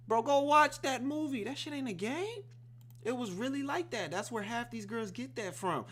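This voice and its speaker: A man hosting a reaction video, telling the story of a film in a casual, excited, profane way. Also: extremely high pitch, moderate pace.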